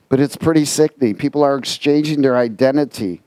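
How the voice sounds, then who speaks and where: A man preaching a sermon, telling stories with lively quoted voices and reading scripture aloud. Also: mid-range voice, no echo. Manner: animated storytelling with quoted voices. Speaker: pastor.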